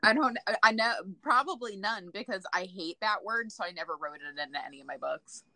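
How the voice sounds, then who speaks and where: A woman's voice: mid-range voice, fairly quick, sharp tone, no echo. A woman guesting on a casual live stream, bantering playfully and laughing easily. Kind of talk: casual chat.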